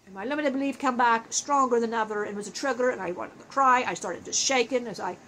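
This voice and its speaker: A woman channeling a grown male spirit, earnest and emotional, telling his story in halting bursts with many restarts. The voice sits a little high. A faint hiss of noise runs underneath. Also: fairly bright tone, natural voice, low-quality recording.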